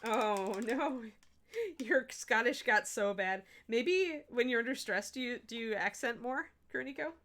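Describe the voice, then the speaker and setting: Chatty bright-voiced woman painting and talking. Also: a little high, normal speed, few pauses. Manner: chatty, thinks aloud, self-correcting and animated. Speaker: miniature painting livestream host. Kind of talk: casual chat while painting, answering chat.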